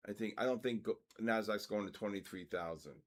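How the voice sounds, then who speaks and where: An older man hosting a live trading stream, excitedly calling out price moves and giving quick trade advice. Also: on the low side. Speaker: trading livestream host. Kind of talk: live market commentary.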